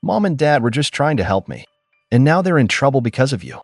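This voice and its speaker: A man's voice: mid-range voice, big pitch swings, a little fast, no room sound, studio quality, faint music behind, pitched above the performer's own voice. A man voicing an entitled, angry younger brother who snaps and resents. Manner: snapping, resentful.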